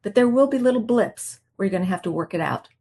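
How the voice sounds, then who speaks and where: A woman coach giving a self-help teaching talk in a calm, reflective way, acting out her own inner voice. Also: medium pitch, fast talker, slight background noise. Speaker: marriage coach.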